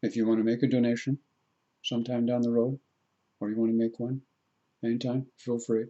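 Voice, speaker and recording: A man, a spiritual teacher, leading a guided meditation talk in a slow, deliberate way and repeating phrases for the listener. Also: medium pitch, flat delivery, dark tone, muffled recording.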